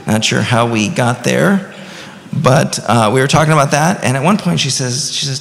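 Man in his thirties, pastor's sermon, gravelly edge, conversational then emphatic, long hall reverb. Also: medium pitch, moderate pace, fairly bright tone. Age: 30s. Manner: conversational preaching with rising emphatic bursts.

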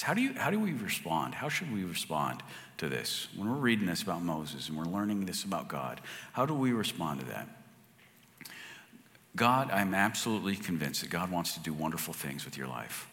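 A man preaching a sermon as pastor, conversational, swinging from loud to hushed. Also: low voice. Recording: long hall reverb.

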